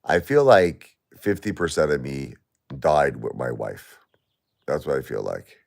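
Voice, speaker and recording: A middle-aged man live-streaming while grieving, talking to his chat in halting, repetitive, emotional bursts. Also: very deep voice, lively intonation, gravelly.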